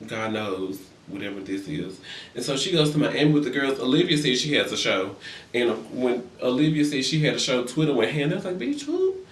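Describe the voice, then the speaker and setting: There's slight background noise as a young man with a medium-pitched voice speaks a little fast, distant from the mic in an echoey space. His reality TV recap is a sassy, swear-filled gossip rant where he performs other people's lines.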